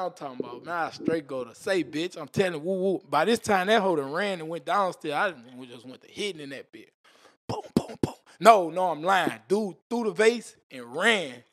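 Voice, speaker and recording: A man with a somewhat high-pitched voice spins a wild story as a podcast guest. His delivery is animated and rough-edged, heavy with profane slang. He punctuates the telling with spoken sound effects like "boom" and "vroom.". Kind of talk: casual storytelling interview.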